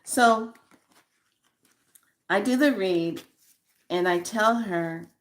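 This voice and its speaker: A tarot card reader tells stories about her readings in a chatty, blunt way, swearing casually. Her medium-pitched voice draws out words, and she pauses often.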